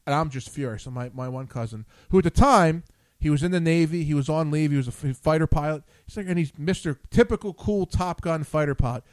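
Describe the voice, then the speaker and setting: A man's voice: a little high, fairly quick, a little mellow, no echo. A man hosting a chat show, telling a long story with lots of swearing and acted-out quotes. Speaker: show host. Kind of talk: casual chat.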